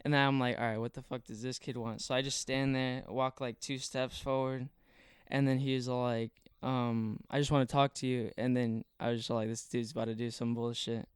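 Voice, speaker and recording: Young man, casual storytelling, very smooth clear voice, dry close sound, rambling and swearing. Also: medium pitch, flat delivery, moderate pace, no echo. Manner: rambling, filler-heavy, swears a lot. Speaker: podcast guest.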